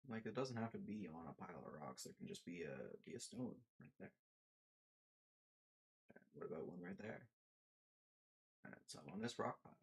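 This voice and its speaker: A man's voice: lowish voice, sing-song, normal speed, gravelly, long pauses, slightly rough. A man giving casual, rambling commentary while playing a building game, talking to himself and slipping into silly put-on voices.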